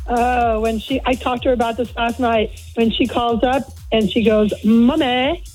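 A woman's voice: on the high side, flat delivery, moderate pace, darkish tone, soft background music, poor audio. A middle-aged woman, a mother, calling into a radio show and chatting in an amused, easygoing way. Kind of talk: casual phone-in chat.

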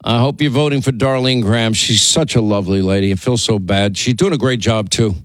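A man hosting a call-in radio show, chatty, tired after a long week, stumbling into quick restarts. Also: fairly low pitch, dry recording. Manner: rapid, stammering restarts, chatty. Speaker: radio talk show host. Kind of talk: casual call-in chat.

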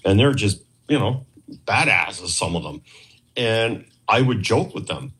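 A Canadian man, once a police trainer, is a guest on a podcast, and his voice is fairly low, unhurried and slightly rough. In a casual interview he tells a long, rambling story, animatedly acting out quotes from the people involved.

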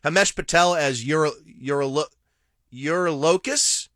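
A man's voice: mid-range voice, big pitch swings, normal speed, sharp tone, no echo, studio quality. A man co-hosting a podcast, casually reviewing a film and reading through its cast with jokey asides. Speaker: podcast co-host. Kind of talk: casual movie review chat.

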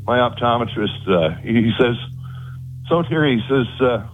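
A man telling of his abduction as an interview guest, halting and repeating words in earnest. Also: mid-range voice, faint music behind. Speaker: guest recounting an abduction experience. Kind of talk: phone-in interview. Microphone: telephone. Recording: tinny phone line.

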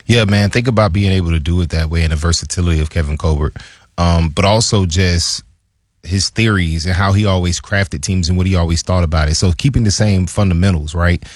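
A man's voice: breathy edge, dry recording, studio quality. A man, a former player co-hosting a casual sports talk show and telling stories animatedly. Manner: animated storyteller, acts out quotes in a higher voice. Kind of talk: casual sports chat, storytelling.

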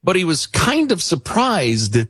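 A man's voice: high-pitched, wildly swooping pitch, measured pace, a bit bright, slightly rough, no room sound, studio quality. A man hosting a talk radio show, chatting casually and rambling with lots of fillers and restarts.

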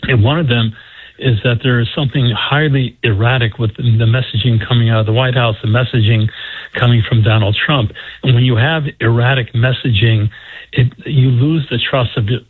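A man appearing as a guest professor on a talk radio show, speaking in a measured, explanatory way over a phone line. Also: mid-range voice, steady tone, husky.

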